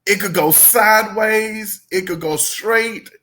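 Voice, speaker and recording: A woman hosting a casual chat, animated and laughing often as she draws out emphatic phrases. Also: mid-range voice, slow. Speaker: podcast host.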